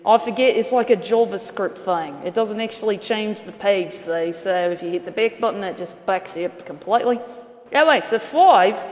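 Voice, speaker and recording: A woman's voice: medium pitch, a little mellow, long reverb tail. A woman hosting a casual weather show, rambling as she thinks aloud and corrects herself mid-sentence.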